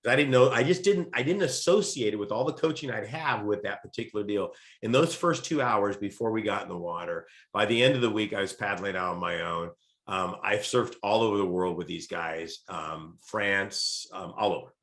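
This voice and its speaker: Low-voiced man telling stories in a roomy space. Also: normal speed. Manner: lively anecdotal storyteller. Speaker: podcast guest. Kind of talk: casual storytelling. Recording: roomy echo.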